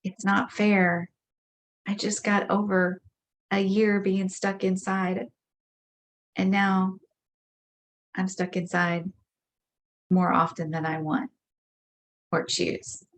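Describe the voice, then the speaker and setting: A woman leading a tapping session, speaking slow repeated affirmations about her frustration. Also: mid-range voice, little pitch movement. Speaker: EFT tapping practitioner. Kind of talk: guided tapping script, slow repeated phrases.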